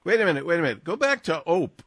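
A male radio host interviewing a guest, lively and joking. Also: fairly high pitch, quick pace, dry recording, studio quality.

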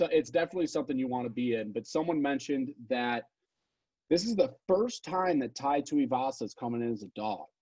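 A man's voice: mid-range voice, darkish tone, husky, no room sound, muffled recording. A man co-hosting a podcast, talking casually about betting picks with rambling asides and self-corrections. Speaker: podcast co-host. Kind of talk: casual sports betting chat.

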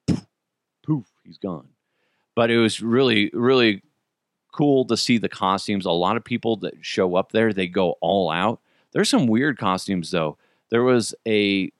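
On his podcast, a man with a mid-range voice tells casual, profane stories and laughs frequently. It's a dry, studio-quality recording.

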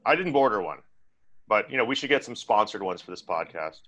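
Guy cohosting a podcast, voice jumps all over, kinda lower pitched, joking around. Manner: animated, joking, quick asides. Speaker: podcast co-host. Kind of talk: casual podcast banter.

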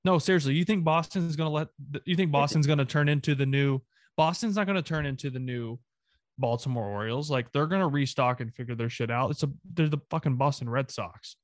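A man's voice: mid-range voice, fairly quick, no echo. A man from the American South ranting emphatically, with swearing, as a co-host of a casual sports talk show.

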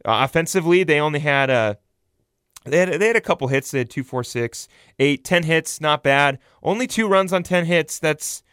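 A man's voice: a little high, normal speed, fairly bright tone, smooth, no echo, clean studio sound. Rambling young man talking baseball. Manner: rambling, self-correcting, frequent fillers and restarts. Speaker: sports podcaster. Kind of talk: casual baseball commentary.

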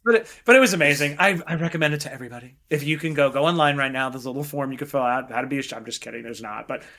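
Middle-aged man, guest investor, casual interview chat, animated storyteller, acts out quotes. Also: mid-range voice, very fast, slight background noise.

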